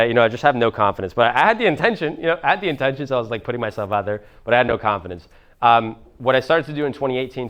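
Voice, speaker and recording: A man's voice: mid-range voice, a bit bright, smooth. A young man with a Miami accent coaching a live seminar audience, casual and profane, full of fillers. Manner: casual, profane, fast, many fillers like "like" and "bro". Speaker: business coach.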